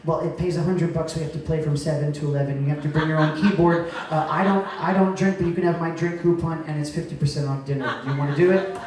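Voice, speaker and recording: A man from Rhode Island talks from a cabaret stage, chatty and joking, dropping softer when the talk turns tender. His voice sits a touch high and comes through a very echoey room, picked up from well back. A faint hum of the venue hangs behind him. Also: fairly even intonation, fast talker. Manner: chatty and joking, trailing into soft tender moments. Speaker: cabaret singer presenting an award. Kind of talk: live stage speech to an audience. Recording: echoey room heard from a distance.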